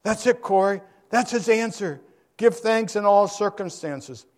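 A male preacher voicing a calm, devout and cheerful young woman in a dramatic reading. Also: sits high, measured pace, voice pushed up. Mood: eager.

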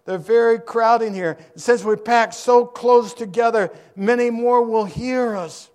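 A male preacher voicing a calm, devout and cheerful young woman in a dramatic reading. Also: very high-pitched, unhurried, voice pushed up. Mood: eager.

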